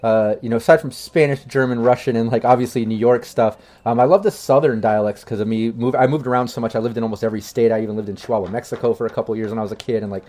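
A man's voice: mid-range voice, steady tone, very fast, hardly any pauses, a little mellow. A man narrating as game master of a streamed tabletop role-play, talking loosely with many fillers and restarts.

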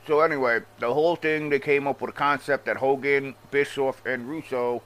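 A man ranting casually about wrestling history in a profane, animated and sarcastic manner. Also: mid-range voice, moderate pace, clean tone. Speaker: wrestling commentator. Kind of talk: casual rant.

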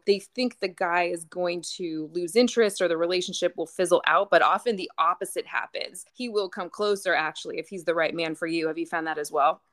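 Affirming woman podcast host. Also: medium pitch. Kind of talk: casual podcast conversation.

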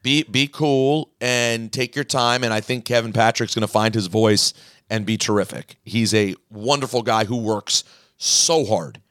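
A man's voice: fairly low pitch, unhurried, a bit bright, dry recording, clean studio sound. A man hosting a podcast in casual chat, animatedly reading listener emails aloud. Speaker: podcast host.

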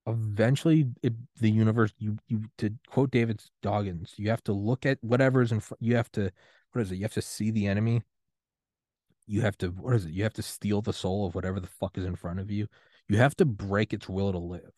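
A man's voice: fairly low pitch, fairly even intonation, brisk, darkish tone, no echo, clean studio sound. A man in his thirties hosting a solo podcast rant, profane, defiant and impassioned. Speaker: podcast host.

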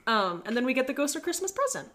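A woman's voice: high voice, very animated, fast, heavy background noise. A woman co-hosting a podcast, chatting casually about a film, with lots of fillers, swearing and laughter. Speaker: podcast co-host. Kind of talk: casual movie-discussion chat.

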